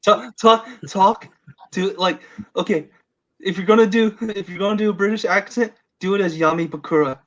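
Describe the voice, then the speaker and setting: Male podcast host, high voice, teasing banter, dull lo-fi sound. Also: fairly bright tone. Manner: playful teasing, halting and repetitive. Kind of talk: casual podcast chat. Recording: dull lo-fi audio.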